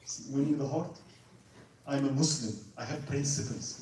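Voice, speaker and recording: A man giving an animated religious history lecture, acting out quotes and asking "right?". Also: medium pitch, normal speed. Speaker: Islamic lecturer. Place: large mosque hall. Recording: echoey hall, distant mic, faint noise.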